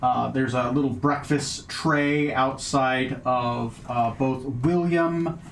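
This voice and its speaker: A man narrating a tabletop game as game master, halting and full of filler sounds. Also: medium pitch, fairly even intonation. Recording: echoey room, faint background noise.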